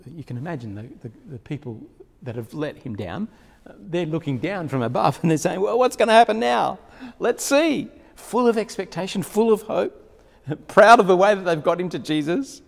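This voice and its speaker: A slightly high-voiced man preaching a sermon, telling the story vividly and chuckling as he goes. His voice rings with a long reverb from a large hall. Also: normal speed. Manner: storytelling, animated, chuckling often.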